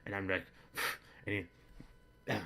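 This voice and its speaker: A man's voice: low voice, level tone, slow pace, slight background noise, exaggerated voice. A man playing a boorish, bigoted middle-aged dad who rambles crudely through a comedic monologue. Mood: blustering. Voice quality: bright-toned, rambling, crude. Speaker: comedy vlogger in character.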